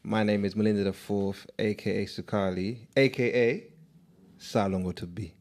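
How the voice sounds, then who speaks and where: A man's voice: on the low side, fairly even intonation, moderate pace, a little mellow. A man hosting a podcast in London, leading the talk with playful, hyped banter. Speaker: podcast host. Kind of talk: casual podcast chat.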